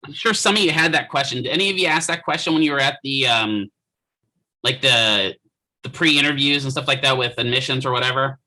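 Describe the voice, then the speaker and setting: A man's voice: medium pitch, fairly quick, sharp tone, poor audio. A man lecturing students on physical therapy from his office, joking and checking in with frequent rhetorical questions. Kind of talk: classroom lecture with anecdotes.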